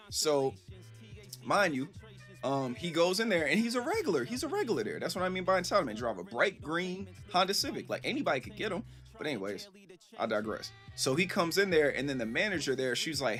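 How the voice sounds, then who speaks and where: A man telling a story casually to his live stream chat, animated and rambling, acting out the voices he quotes. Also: a little high, fairly quick, soft background music.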